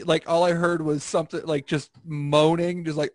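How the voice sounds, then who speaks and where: Young male host, rambling and crude, slightly high pitch, dry, close sound on a call. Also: level tone, moderate pace, no room sound. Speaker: podcast host. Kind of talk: casual podcast chat. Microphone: online call.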